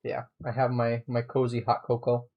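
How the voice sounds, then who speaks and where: A man's voice: mid-range voice, completely flat delivery, moderate pace, gravelly, lo-fi sound, background noise. A man live-streaming a building game, chatting casually and thinking aloud as he plays.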